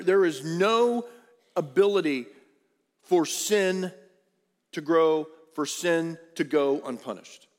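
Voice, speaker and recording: A male pastor preaching a sermon emphatically, swinging from loud peaks down to hushed low lines. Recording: long hall reverb.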